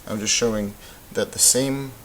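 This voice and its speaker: A man teaching a recorded Spanish grammar lesson, explaining in a relaxed way with lots of ums and uhs. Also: lowish voice, moderate pace, poor audio. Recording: faint hiss.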